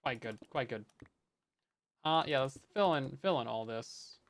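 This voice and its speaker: Here a let's play host builds in Minecraft, chatting away and mocking himself while addressing his chat. His mid-range voice is expressive, a little slow, and carries vocal fry.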